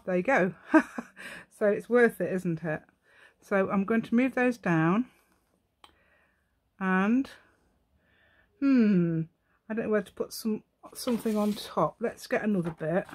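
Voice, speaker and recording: A middle-aged woman hosting a craft channel speaks at medium pitch and a little slowly during a casual tutorial. She chats as she works, thinks aloud, makes fun of herself and hums little tunes.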